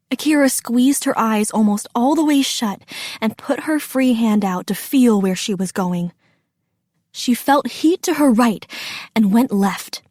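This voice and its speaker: Unhurried woman storybook narrator. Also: on the high side, darkish tone, no echo, clean studio sound.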